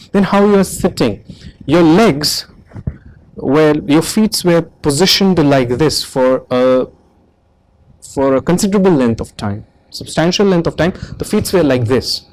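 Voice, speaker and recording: A man with an Indian English accent, speaking in a somewhat high voice, gives a candidate feedback after a mock interview. He is instructive and keeps checking that he has been understood. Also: darkish tone, low-quality recording. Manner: instructive, repeatedly asks "Do you understand that?". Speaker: interview board member giving feedback.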